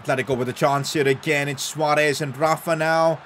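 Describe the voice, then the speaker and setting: A young man doing live commentary over a football video game, calm play-by-play breaking into loud excited outbursts. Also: on the high side, a little fast, slight background noise. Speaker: gaming YouTuber.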